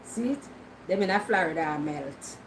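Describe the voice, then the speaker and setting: A woman's voice: on the low side, expressive, moderate pace, a little hiss or hum, poor audio. A Jamaican woman vlogging in casual Patois, teasing and answering her viewers' comments. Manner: teasing, talks back to comments.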